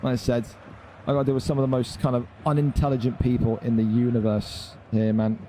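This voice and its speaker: A man's voice: mid-range voice, little pitch movement, a little fast, dark tone, a little hiss or hum. A young man hosting a live esports stream, talking bluntly and swearing freely as he rants at his chat. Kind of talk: casual live-stream commentary.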